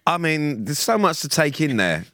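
A man's voice: on the high side, very animated, moderate pace, pushed and bright, no echo. Dry-witted man teasing. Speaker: podcast co-host. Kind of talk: casual chat.

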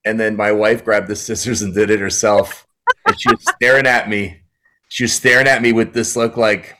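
A man with a low voice co-hosts a casual podcast chat. He drops wry, teasing remarks between stories. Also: fairly even intonation, moderate pace, pushed and bright. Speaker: co-host, father of two.

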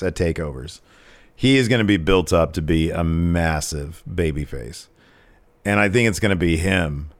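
A man co-hosting a podcast, recapping wrestling in casual chat and acting out quotes in lively voices. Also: deep voice. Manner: acts out quotes in animated voices. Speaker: podcast co-host.

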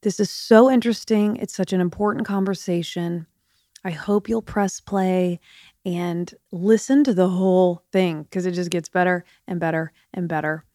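A woman's voice: lowish voice, fairly even intonation, moderate pace, warm tone, no echo, studio quality. A middle-aged woman hosting a podcast, chatting casually with a slight lisp because her jaw movement is limited after surgery. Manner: chatty, confiding, drops to whispers. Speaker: podcast host. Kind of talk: casual chat.

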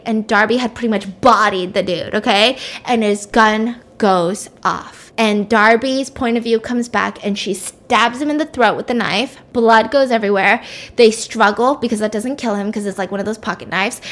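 A woman casually retelling a story with animated, chatty asides. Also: a little high, moderate pace. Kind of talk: casual plot recap.

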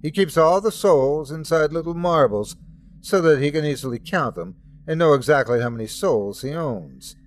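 A man's voice: medium pitch, natural voice. A man voicing Jesus as an indignant, resentful young man who complains about his father.

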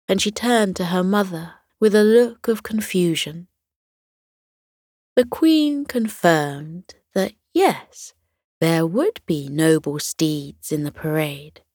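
A woman narrating a bedtime story for children in a gentle, unhurried way, at times dropping to a whisper. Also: fairly low pitch, dry recording, clean studio sound.

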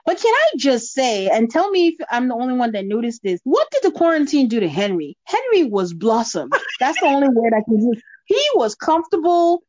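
Woman, fairly high voice, animated podcast host who acts out quotes, dull dry lo-fi sound. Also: brisk, hardly any pauses, dry recording. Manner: animated storytelling, acting out quotes with a laugh. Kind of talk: casual chat recapping a reality show.

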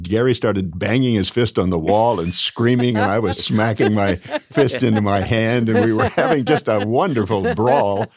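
A man telling a backstage anecdote as a podcast guest, animated and often laughing as he talks. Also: lowish voice, dry recording. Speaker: guest, former cast member. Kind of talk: anecdote storytelling.

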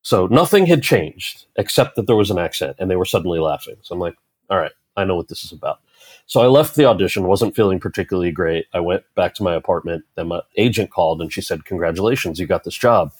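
Low-voiced man telling a lively story. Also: quick pace, slightly rough, no room sound. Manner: animated storyteller, acts out quoted dialogue. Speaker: actor and author, interview guest. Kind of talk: storytelling in a conversational interview.

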